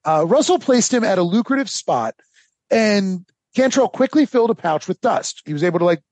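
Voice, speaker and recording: A man co-hosting a history podcast, telling the story in a casual, animated way with lots of fillers. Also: high-pitched, slightly rough, dry recording. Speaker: podcast co-host.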